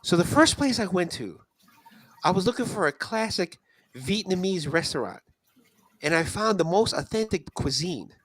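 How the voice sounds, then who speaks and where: Guy putting on a self satisfied food reviewer bit, mock formal, lively pitch. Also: normal speed, husky, dry recording, full character voice. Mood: smug. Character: smug self-styled reformed male food reviewer.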